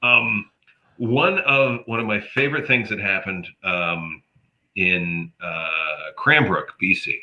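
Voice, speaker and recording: A man's voice: low voice, slow pace. A man from Canada, a comedian telling a story in casual chat and acting out the people in it. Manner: animated, acts out quoted voices. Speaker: comedian guest. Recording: dull lo-fi audio.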